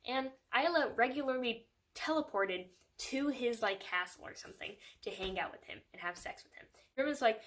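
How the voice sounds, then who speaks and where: A woman's voice: a little high, expressive, moderate pace, hardly any pauses, a bit bright. A young woman reviewing a book in a casual, sarcastic chat, with lots of "like" and frequent laughter. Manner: chatty and sarcastic, fills with "like", laughs often.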